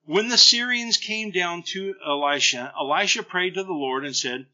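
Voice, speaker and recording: Bright, lively middle-aged preacher man. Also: high-pitched, moderate pace, dull audio. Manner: animated storytelling preacher, acts out scripture lines. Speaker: pastor. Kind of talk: sermon.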